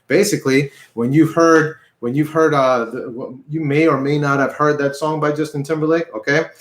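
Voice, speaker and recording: A man's voice: on the high side, steady tone, moderate pace, roomy sound. A man teaching an online guitar lesson, patient and repetitive, counting beats aloud as he explains. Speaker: music teacher. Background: guitar playing.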